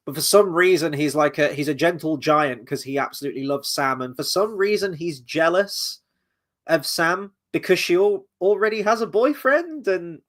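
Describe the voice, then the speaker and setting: A man's voice: a little high, normal speed, a bit bright. A British man chatting casually on a live stream as a reviewer, rambling with frequent fillers and casual swearing. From Britain. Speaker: film and TV reviewer.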